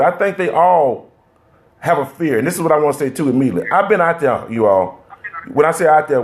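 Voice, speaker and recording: A man hosting a discussion panel, passionate and plain-spoken. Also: fairly high pitch. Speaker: show host.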